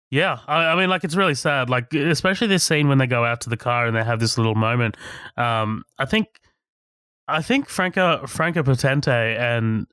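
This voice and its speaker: A man's voice: medium pitch, clear, resonant tone, dry recording, clean studio sound. A man co-hosting a podcast, chatting casually about a film with many "like"s and restarts. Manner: relaxed, with many likes and restarts. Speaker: podcast co-host. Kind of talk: casual movie-review chat.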